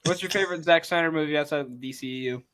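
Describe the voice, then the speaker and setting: A man's voice: fairly high pitch, very fast, a bit bright, no echo. A man hosting a casual chat, passing on viewer questions and giving short, easygoing replies.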